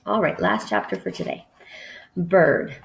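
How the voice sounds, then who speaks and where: Teacher lady reading a chapter book to her class, steady and friendly, kinda low voice. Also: a little slow, gravelly. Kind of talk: children's book read-aloud.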